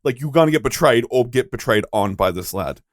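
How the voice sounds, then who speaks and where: Lively, playful man podcast co-host. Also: mid-range voice. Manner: playful, quick quips, laughs a lot. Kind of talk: casual comedic chat.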